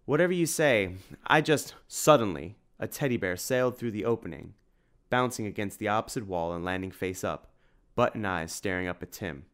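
A man narrating an audiobook with steady, even storytelling. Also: low-pitched, fairly quick, clean tone.

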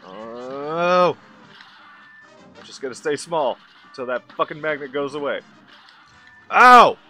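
A man commentating his own video game play, muttering and swearing, then yelling in frustration. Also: medium pitch, fast, soft background music. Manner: swearing, exasperated, mutters under breath then yells in frustration. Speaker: gaming channel host.

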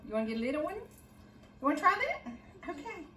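Older host, high-pitched, swoops all over, sing-song baby talk to a grandkid, echoey kitchen. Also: female voice, very animated, quick pace, bright, forceful tone. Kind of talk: casual cooking demo with a grandchild. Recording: echoey kitchen, faint noise.

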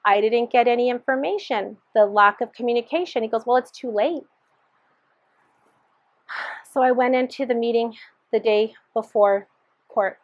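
Woman guest giving her testimony, higher voice, earnest, acts out quotes; dull, dry recording. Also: moderate pace, pauses often, dry recording. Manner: earnest, re-enacts dialogue in quotes. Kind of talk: personal testimony storytelling.

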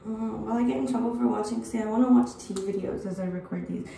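Young woman, early twenties, vocal fry, mellow tone, blunt and profane, rambling. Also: fairly high pitch, quick pace, slight background noise. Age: early 20s. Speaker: vlogger. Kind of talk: get-ready-with-me chat. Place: at home, getting ready. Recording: echoey room, distant mic.

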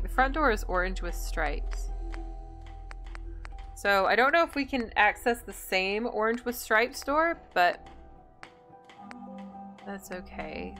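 A woman's voice: medium pitch, pushed and bright. A woman hosting a gameplay video, chatting and thinking aloud in an indecisive, casual way. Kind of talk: casual let's-play commentary.

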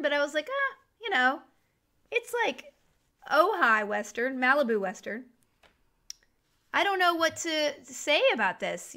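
A woman's voice: high-pitched, pushed and bright. A woman live-streaming a video game from home, chatting with viewers and reacting to the game crashing. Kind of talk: casual live-stream chat while gaming.

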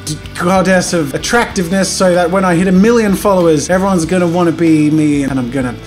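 A man giving casual, jokey commentary while playing a life-sim game, swinging from loud outbursts to low muttering. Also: fast, soft background music. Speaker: gaming YouTuber. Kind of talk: casual let's-play commentary.

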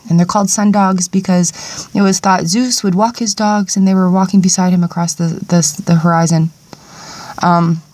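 A woman vlogging outdoors in cold wind at sunrise, recording on a tablet and talking warmly and gratefully to her viewers. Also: on the low side, no echo. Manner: gushing, grateful, affectionate to viewers. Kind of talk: casual outdoor vlog talk. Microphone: tablet camera.

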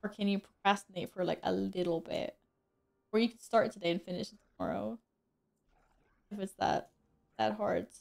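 A woman's voice: medium pitch, steady tone, normal speed, gravelly, pauses often, a little mellow. A woman streaming a game, chatting casually with viewers, joking at her own expense and laughing often. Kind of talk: casual gameplay stream chat.

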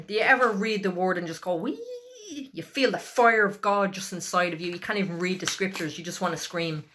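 A woman preaching a sermon, fervent and emphatic, with a repetitive cadence and slow, stressed scripture reading. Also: on the low side, a bit bright. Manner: fervent, emphatic, declaring with rising intensity.

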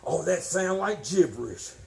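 A man preaching a sermon, folksy and emphatic, swinging from shouts to low tones. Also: lively intonation, measured pace, vocal fry, low-quality recording. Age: 60s.

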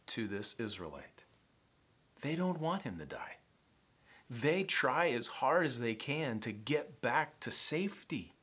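Man, pastor, Southern American accent, sermon, animated, bright tone. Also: medium pitch. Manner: animated, acts out the sailors' panic in a raised voice. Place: church sanctuary.

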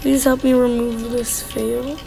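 A woman hosting a casual gameplay chat, excitable and jumpy, giggling and teasing her teammate. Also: a little high, a little slow, gravelly, faint music behind, poor audio. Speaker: gaming channel host.

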